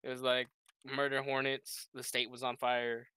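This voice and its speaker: A man's voice: mid-range voice, monotone, moderate pace, pushed and bright, smooth. A young man in casual podcast chat, joking and laughing often as he tells stories. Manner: laughs often, jokey storytelling.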